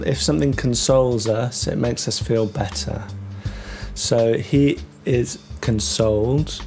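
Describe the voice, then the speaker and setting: A man teaching English vocabulary, talking through words with many ums and restarts and slowing down on the key terms. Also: mid-range voice, darkish tone. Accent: British English. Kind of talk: explaining vocabulary to learners.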